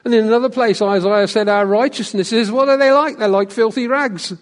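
High-voiced preacher in a reverberant church. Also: male voice, moderate pace, few pauses. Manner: asks the congregation questions, drops to a hush on key phrases. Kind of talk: sermon.

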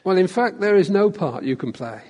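A man preaches a sermon in a light, high voice. He puts questions to the congregation and drops to a near hush on the phrases he wants to land. A long reverb hangs after every line, as in a large church. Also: lively intonation, fairly quick, muffled recording.

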